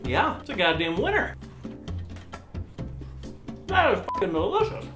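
Profane, excitable man hosting a DIY show. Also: high voice, unhurried. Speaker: host. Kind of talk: casual comedic DIY video. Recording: echoey room with music underneath.

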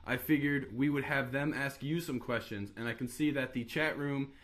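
A young man hosting a live webcast interview, talking in quick, crude, mocking banter. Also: mid-range voice, fairly even intonation, a bit bright, slight background noise. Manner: joking, rapid, crude and mocking.

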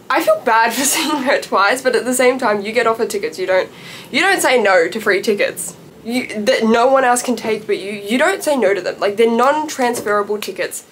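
A woman's voice: fairly high pitch, fairly bright tone, slight background noise. A young woman, vlogging in a gushing, breathless way and squealing in disbelief. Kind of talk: excited casual vlog chat.

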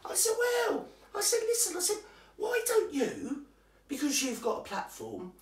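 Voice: very high-pitched, wildly swooping pitch, unhurried, far from the mic, exaggerated voice. A performer playing a nosy, cheeky older woman who gossips about a friend, chatty and confiding. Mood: gossipy. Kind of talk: comic character monologue to camera. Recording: roomy sound from away from the mic.

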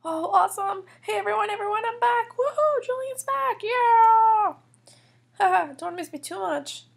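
Little boy figure voiced by a woman, toy story, excitable, boastful, squealing cheers, very high voice. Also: unhurried, creaky, full character voice. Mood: overjoyed. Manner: bouncy, overexcited, squealing cheers.

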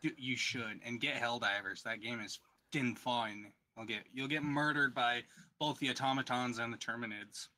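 A man's voice: medium pitch, steady tone, normal speed, pushed and bright, no echo, rough recording. A man co-hosting a casual podcast, laid-back and blunt, with some swearing.

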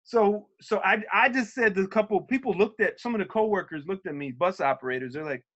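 A man speaking on a video call as a union organizer, telling an animated story and acting out shouted quotes. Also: high-pitched, quick pace, muffled recording. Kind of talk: virtual meeting talk, storytelling.

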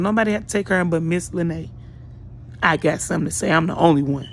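Talking fast in a lowish voice, a woman vlogger on YouTube scolds her viewers directly in a blunt, profane ranting commentary. She sounds freshly woken, with slight background noise.

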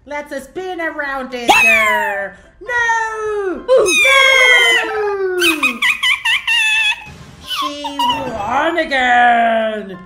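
In a playful game role-play, a woman voices a gleeful, hungry cat monster in a high, heavily acted voice, giggling, meowing between lines and taunting. The room is echoey, and loud game music plays.

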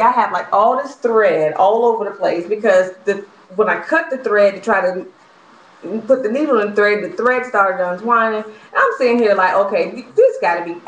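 A woman's voice: mid-range voice, expressive, moderate pace. Exasperated young woman venting in an echoey room. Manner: exasperated, profane, laughing ranting. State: frustrated, worked up. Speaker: vlogger. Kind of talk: casual venting vlog. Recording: echoey room, faint noise.

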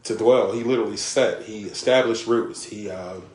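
A man's voice: on the low side, moderate pace, reverberant. A man preaching a live-streamed sermon, earnest, repeating words as he builds and checking in with the listeners. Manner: earnest, often checks in with "right?" and "okay?". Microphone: live stream setup.

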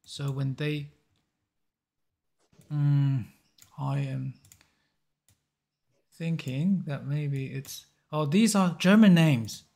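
A man hosting a map-guessing game video, thinking aloud in a halting, musing way with short chuckles. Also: on the high side, vocal fry, darkish tone.

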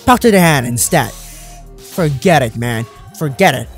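A man hosting a let's play, commenting in an excitable, joking way with loud outbursts. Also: medium pitch, unhurried, soft background music. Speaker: gamer, channel host.

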